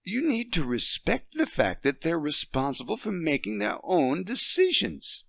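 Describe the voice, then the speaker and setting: A man voicing a poised French wife near fifty, patient and gently reasoning with her husband. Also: fairly high pitch, big pitch swings, unhurried, vocal fry, no room sound, pitched above the performer's own voice, full character voice. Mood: firm.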